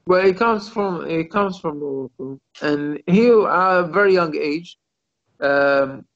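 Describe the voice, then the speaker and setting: A rabbi gives a class over a video call. His voice sits a little high and has a gravelly creak. The call audio is muffled, and he keeps stopping to hunt for English words as he tells his stories. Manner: pauses to search for English words.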